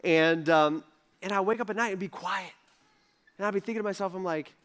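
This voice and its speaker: A man in his thirties gives a casual, story-driven sermon in a church. His voice sits high for a man, and he talks loosely, full of fillers and quick asides. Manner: animated storytelling, lots of fillers. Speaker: pastor. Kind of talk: conversational sermon. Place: church sanctuary.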